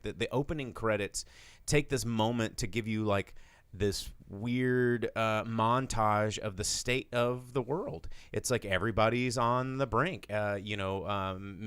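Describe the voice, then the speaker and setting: A man co-hosting a casual movie review podcast, talking excitedly, swearing and acting out scenes in shrill put-on voices. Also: clean tone, no room sound. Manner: animated, swearing, acts out characters with big pitch jumps. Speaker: podcast co-host.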